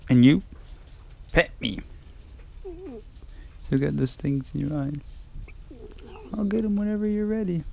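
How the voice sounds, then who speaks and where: A man's voice: a little high, expressive, moderate pace, gravelly, pauses often, dark tone, slight background noise. A man at home filming his dogs, coaxing them in playful baby talk. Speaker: dog owner filming his pets. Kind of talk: casual talk to pets.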